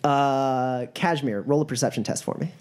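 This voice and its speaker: A game master narrating a tabletop game in a casual, quick manner, with many fillers. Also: mid-range voice, darkish tone, slight background noise.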